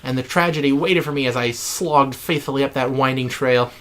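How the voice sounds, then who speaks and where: A man's voice: medium pitch, fairly quick, fairly bright tone. A man hosting a let's play, reading in-game text with mock drama and joking asides.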